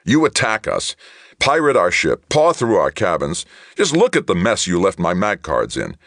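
A man's voice: very deep voice, sing-song, slow, vocal fry, bright, forceful tone, no room sound, clean studio sound, full character voice. A man doing an older snarling commando. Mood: indignant. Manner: snarling, indignant. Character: aging male commando, indignant prisoner.

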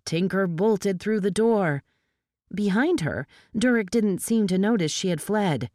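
A woman narrating a novel in a steady, even storytelling manner. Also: medium pitch, measured pace, dry recording, studio quality. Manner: steady, even storytelling with lively dialogue voices. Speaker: audiobook reader. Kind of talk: scripted audiobook narration.

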